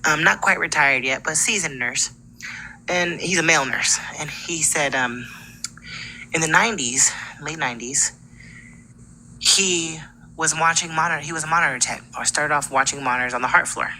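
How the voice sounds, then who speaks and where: A woman's voice: low-pitched, normal speed, sharp tone, slight background noise, poor audio. A woman in her twenties from California, a caller on a live show telling a ghost story in a chatty way and acting out the people in it. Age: 20s. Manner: chatty, acts out quoted dialogue. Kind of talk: casual storytelling.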